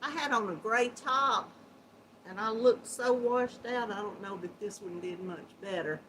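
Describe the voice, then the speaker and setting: Slow, bright-voiced Southern woman. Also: mid-range voice, slight background noise, poor audio. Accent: Southern US, Georgia. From Georgia, US. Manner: warm folksy greetings with terms like hon and sweetheart; slow, chatty, laughs often. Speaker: host of a yarn chat livestream. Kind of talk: casual livestream chat greeting viewers. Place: home, seated at a computer. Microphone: built-in laptop microphone.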